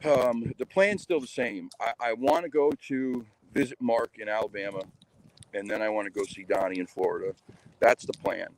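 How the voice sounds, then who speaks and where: A man's voice: fairly low pitch, normal speed, a little hiss or hum, low-quality recording. A man chatting casually to his viewers in a rambling, hesitant way, full of fillers. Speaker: cryptid vlogger.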